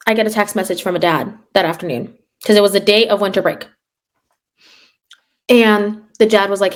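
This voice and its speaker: A woman's voice: mid-range voice, brisk. A young adult woman who teaches third grade, hosting a casual chat and telling classroom stories with sarcasm. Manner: sarcastic, animated storyteller acting out classroom quotes.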